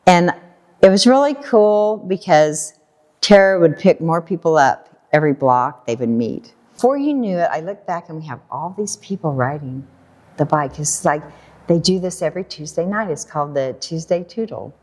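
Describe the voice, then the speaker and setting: An American woman telling a personal story in a casual talk, animated and laughing often while she acts out what people said. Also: sits low, moderate pace. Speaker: guest storyteller.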